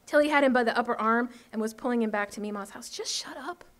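A woman author reading her short story aloud at an open mic, in a steady, measured way. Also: a little high.

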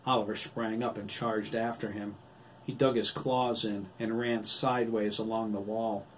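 Low-voiced man narrating an audiobook. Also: level tone, moderate pace, far from the mic, a little hiss or hum, poor audio. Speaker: author reading his novel.

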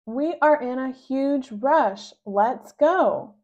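Lady reading as a rushed embarrassed mom, firm, slow careful talk, slightly muffled. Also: medium pitch, lively intonation, a little mellow. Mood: impatient. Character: hurried, embarrassed mother of a young girl.

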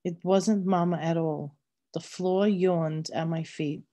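Woman narrator for a read-aloud novel; low, unhurried, mellow delivery. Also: fairly even intonation. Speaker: reader.

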